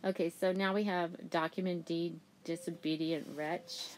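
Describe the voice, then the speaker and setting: A woman's voice: on the low side, steady tone, measured pace, darkish tone, slight background noise, rough recording. A woman teacher talking through a reading assignment casually, with lots of "okay" and "um" as she paraphrases. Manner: plain, chatty paraphrasing with many "okay" and "um" fillers. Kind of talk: casual classroom explanation.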